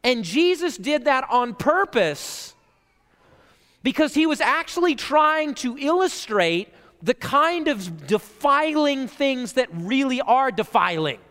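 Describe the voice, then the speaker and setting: A male pastor preaching a conversational sermon in a church, animated and chatty, full of "like" and "right?" asides. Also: extremely high pitch, slow. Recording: reverberant church hall.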